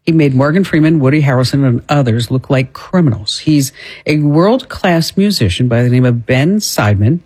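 A man's voice: medium pitch, breathy edge. A male host with a New Jersey accent, chatting casually and laughing easily with his guests. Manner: animated, quick to laugh. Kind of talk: casual radio talk.

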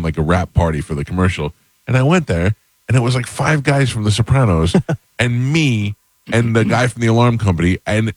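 A man's voice: on the low side, dry recording. A man hosting a podcast, casually telling anecdotes and acting out the voices of others. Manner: animated, acts out voices in anecdotes. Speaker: podcast host. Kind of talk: casual storytelling.

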